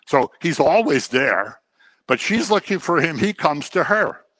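A man's voice: fairly high pitch, sing-song, a little slow, a bit bright, no echo. A man teaching the Bible in a conversational way, telling the stories and acting out the people he quotes. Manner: informal, with fillers and restarts. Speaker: preacher.

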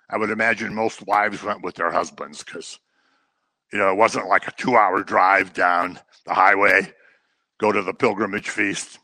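A man's voice: on the low side, pushed and bright, no echo. A man teaching through a Bible passage verse by verse, conversational and explanatory with humorous asides.

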